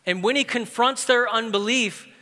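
Bright-voiced man preaching in a reverberant hall. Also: very high voice, normal speed. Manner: lively, conversational, uses humor and pop-culture stories. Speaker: pastor. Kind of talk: sermon.

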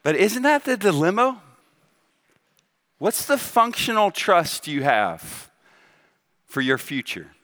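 A man's voice: sits high, wildly swooping pitch, slow, long pauses, fairly bright tone. A middle-aged man preaching a sermon in a conversational way, asking the congregation questions and often adding "right?". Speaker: pastor.

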